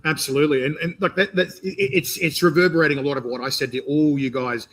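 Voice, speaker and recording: A man with an Australian accent hosting a casual interview, talking in a rambling, animated way with many restarts. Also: a little high, quick pace, slight background noise, rough recording. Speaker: interview host and competition organizer. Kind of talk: casual interview chat, live stream.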